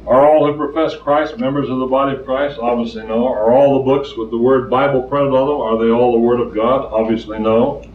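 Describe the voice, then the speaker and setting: Brisk, with few pauses and a steady tone, an older man's mid-range voice delivers a plainspoken sermon full of stories and emphatic repetition. It's a distant, roomy, lo-fi recording.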